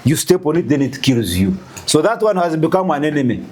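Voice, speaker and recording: A Ugandan man telling a story in an interview, animated and full of rhetorical questions. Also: a little high, a little fast. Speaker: guest.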